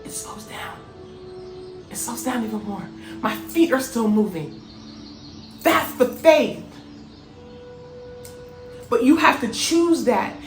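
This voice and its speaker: A woman's voice: a little high, lively intonation, slow, long pauses, a little mellow. A woman hosting a motivational spiritual talk, earnest and emphatic with repeated phrases. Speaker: host. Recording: echoey room, faint music.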